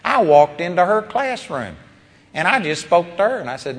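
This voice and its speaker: Preacher in a big echoing hall. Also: male voice, a little high, moderate pace, faint music behind. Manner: storytelling, animated, drops to quiet when quoting. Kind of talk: sermon. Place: large seminar hall. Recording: long reverb of a large hall.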